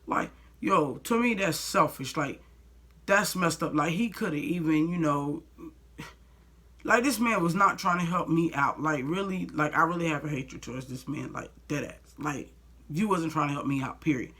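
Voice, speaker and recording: A woman's voice: low voice, normal speed, a bit bright, husky. A young woman vlogger telling a personal story in a blunt, heated way, full of "like" and swearing. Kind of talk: storytime vlog.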